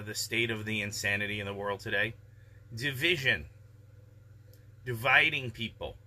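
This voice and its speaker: A man giving calm, measured, reflective life advice in a casual daily vlog monologue. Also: on the low side, a little hiss or hum.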